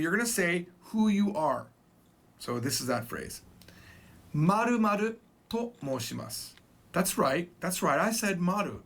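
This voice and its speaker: A man teaching a recorded Japanese lesson, his voice sitting a little high. He explains slowly, repeats each key phrase, and slips into casual, rambling asides. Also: a bit bright. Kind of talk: recorded video language lesson.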